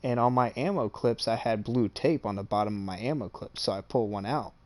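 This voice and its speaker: A man's voice: mid-range voice, brisk. A man casually telling a boastful, profane story from his own experience, often checking in with the listener. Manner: swears freely, checks in with "okay?"; boastful and amused. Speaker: streamer.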